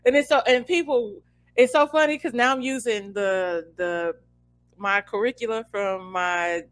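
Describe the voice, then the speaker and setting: A woman in her thirties co-hosting a casual podcast chat, animated and self-mocking with quick laughs. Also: fairly high pitch. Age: 30s. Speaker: podcast co-host.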